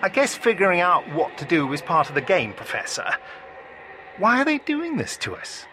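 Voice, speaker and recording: Man doing a perky young female companion, fast, lively, high. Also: a little hiss or hum, full character voice. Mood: breezy. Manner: quick, breezy, joking.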